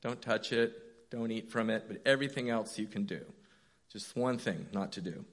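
A man's voice: fairly low pitch, normal speed, close to an everyday voice. A man voicing God in a sermon retelling, giving a plain instruction. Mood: instructing. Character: God giving a calm command, male.

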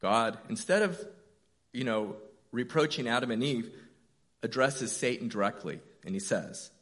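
A man's voice: medium pitch, expressive, normal speed, fairly bright tone. A man in his fifties, a church elder, preaching a conversational, story-driven sermon with self-deprecating asides.

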